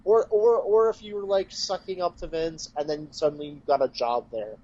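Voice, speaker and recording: A man's voice: a little high, moderate pace, darkish tone, highs cut off. A man co-hosting a casual podcast, speaking in a laid-back, hesitant way full of fillers. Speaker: podcast co-host. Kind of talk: casual chat.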